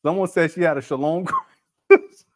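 Brisk and fairly high-pitched, this livestreamer works through his chat out loud, cracking up frequently and using slang as he addresses the audience as family.

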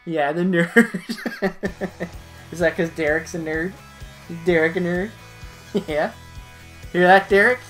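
A woman's voice: lowish voice, slow pace, pauses often, faint music behind. A woman hosting a casual toy unboxing vlog, jokey and playful, laughing often. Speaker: channel host.

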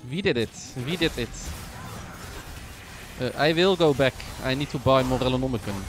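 A man's voice: medium pitch, animated, normal speed, faint music behind. A man streaming a video game, joking around and repeating his lines in casual commentary. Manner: playful, joking, repeats phrases.

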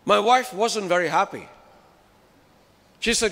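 A man's voice: high-pitched, lively intonation, normal speed, a bit bright. A man preaching a sermon with emphasis, putting rhetorical questions to his listeners. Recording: reverberant hall.

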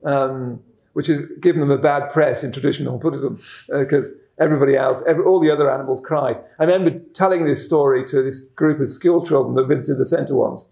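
A man's voice: medium pitch, gravelly, warm tone. Man, telling a dharma talk. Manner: halting, repeats words, chuckles at his own stories. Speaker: Buddhist teacher. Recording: roomy echoing room.

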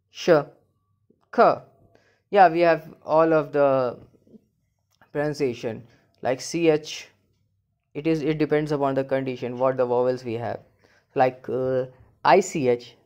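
A woman teaching a beginners' language lesson, saying each sound slowly and repeating it, in casual English with many fillers. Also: deep voice, a little mellow.

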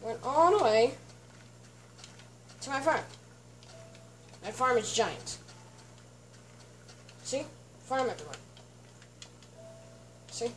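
A woman with a high voice talks slowly through a casual gameplay tour, chatty and clearing her throat now and then. She sits some distance from the mic. Faint music plays underneath. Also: very animated, a little hiss or hum. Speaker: let's play host.

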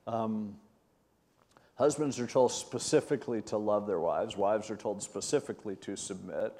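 A man's voice: lowish voice, a little mellow. A man in his sixties, a pastor, giving a conversational sermon and telling stories with animation. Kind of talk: sermon teaching.

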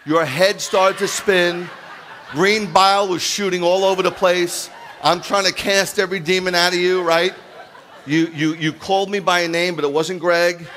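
A man in his fifties delivers a humorous sermon as a rabbi. His voice sits a little high for a man, and he jumps into the parts of the people in his stories with lively, joking energy. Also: moderate pace, slight background noise. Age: 50s. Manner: animated, jokey, acts out quoted dialogue. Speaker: rabbi preaching.

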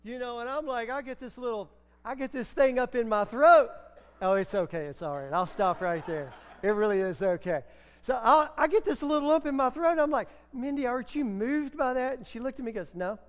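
A man's voice: very high voice, animated, a little fast, big-room sound. A middle-aged man preaching a sermon in a church, telling chatty stories and sometimes breaking into a few sung lines. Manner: chatty storytelling, breaks into song. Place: church sanctuary.

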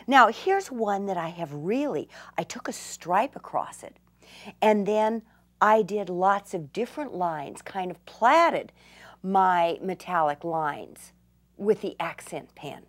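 Slow, enthusiastic older woman teaching crafts. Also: mid-range voice, expressive, a bit bright. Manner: enthusiastic, gushing, drops to whispers in delight. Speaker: craft instructor. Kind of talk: craft demonstration.

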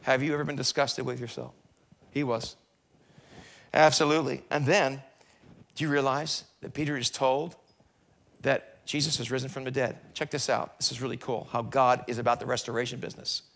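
A middle-aged American man preaching a sermon in a church, animated, swinging between loud bursts and hushed passages. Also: medium pitch, normal speed, gravelly. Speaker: pastor. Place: church sanctuary.

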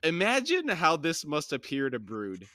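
A man co-hosting a casual book podcast, relaxed and amused as he discusses and reads aloud. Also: on the high side, measured pace, no echo, studio quality. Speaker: podcast co-host.

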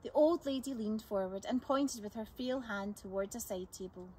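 A woman reading a children's chapter book aloud as storyteller, in a calm, clear way. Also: on the high side, moderate pace, rough recording.

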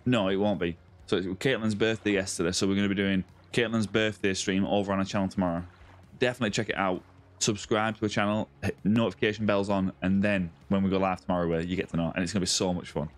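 A man's voice: low voice, fairly even intonation, fast. A young man on a live game stream, chatting casually and greeting viewers by name as mate and buddy.

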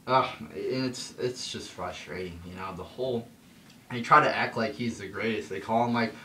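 A man's voice: on the low side, normal speed, pushed and bright. Rambling, cursing young man in an echoey room. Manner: swears often, rambling, many fillers and restarts; gets heated, voice jumps up when mocking. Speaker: vlogger ranting. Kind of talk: casual rant monologue. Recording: echoey room, somewhat far from the mic, faint background noise.

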